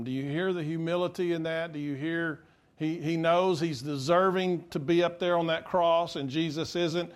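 A man's voice: on the high side, steady tone, normal speed, clean tone. Earnest man preaching a sermon. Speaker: pastor.

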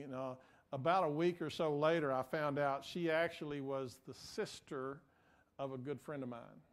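Here a male pastor's smooth, medium-pitched voice carries a story in a sermon that feels conversational and self-deprecating, complete with acted-out voices for the people he quotes.

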